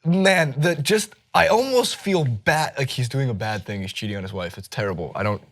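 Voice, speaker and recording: A man's voice: mid-range voice, moderate pace. American guy cohosting sports talk, teasing, voice bounces around a lot. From United States. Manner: laughing, teasing, lively. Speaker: sports show co-host. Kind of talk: casual chat.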